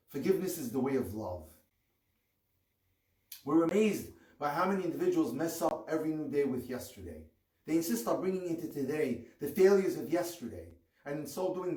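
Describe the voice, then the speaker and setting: A man giving an earnest rabbi's lecture on marriage, reading with expressive rises on key words. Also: a little high. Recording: echoey room, far from the mic.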